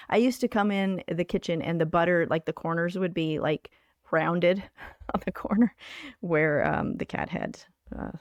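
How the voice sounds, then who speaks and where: A woman's voice: lowish voice, gravelly, darkish tone, no room sound. An older woman hosting a livestream from home, chatting in a rambling way with many fillers. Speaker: livestream host. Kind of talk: casual chat.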